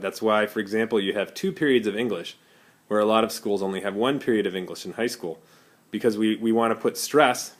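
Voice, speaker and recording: A man teaching an English vocabulary lesson to his class, explaining slowly with many pauses and fillers and giving Spanish translations. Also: lowish voice.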